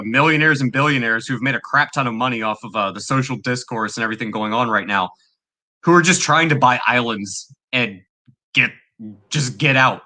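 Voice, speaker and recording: Blunt male podcast host, middle-pitched, bright and forceful tone, reading the chat. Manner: blunt, opinionated, reads viewer comments aloud. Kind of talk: casual talk show banter.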